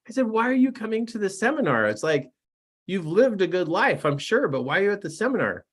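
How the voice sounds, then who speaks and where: A middle-aged man, a personal development coach, telling stories and giving a motivational talk in an excitable, animated way. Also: sits high, brisk, husky. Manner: animated and excitable, laughs at his own stories. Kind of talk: storytelling to camera, motivational talk.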